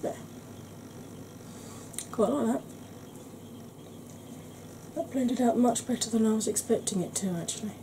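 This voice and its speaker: A woman explaining her makeup steps in a soft, chatty ASMR tutorial, often clearing her throat. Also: on the high side, measured pace, long pauses, noisy background. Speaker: beauty vlogger.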